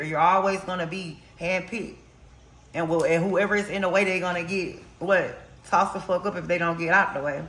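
Speaking in a mid-range voice that's a bit bright, this tarot reader offers a casual spiritual reading, blunt, slangy, and heavy on cursing, hammering points home by repeating them. Roomy echo fills the recording.

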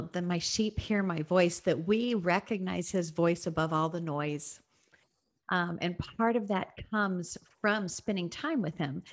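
A middle-aged woman co-hosting a Bible talk, reading scripture and sharing calmly. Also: lowish voice. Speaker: co-host.

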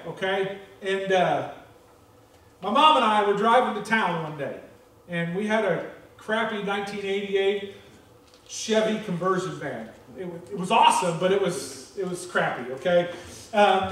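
High-voiced man preaching in an echoey church. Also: far from the mic. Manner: earnest, candid, repeats okay often. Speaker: pastor. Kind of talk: sermon with personal testimony. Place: church sanctuary.

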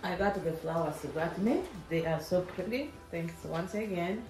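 A low-voiced woman talks through her morning in a loose, rambling vlog, circling back over her own words. Her voice rings in an echoey home kitchen. Faint music plays behind her. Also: normal speed, darkish tone. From Kenya. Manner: chatty, rambling, repeats herself. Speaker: vlogger. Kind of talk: casual vlog chat. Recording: echoey room.

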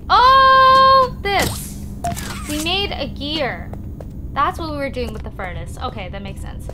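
A young woman playing a horror game, reacting in a jumpy, excitable and panicky way. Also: very high voice, very noisy. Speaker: gaming channel host. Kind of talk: horror game let's play commentary. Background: game music.

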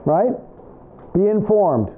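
A male professor lecturing a class in an animated, rambling way, trading remarks with students, in a tinny, phone-like recording. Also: high-pitched, takes it slowly, slight background noise. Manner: animated, rambling, talks back and forth with students.

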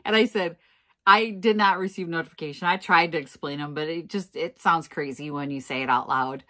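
A middle-aged woman reselling vintage goods, telling a story in a casual vlog with animated, self-mocking energy and frequent laughs. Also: low-pitched, a little fast.

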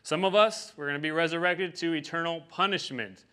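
A male pastor preaches in a relaxed, conversational way and often checks in with a quick "right?". His voice sits a little high and sounds bright and forceful. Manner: conversational, keeps asking "right?". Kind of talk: sermon.

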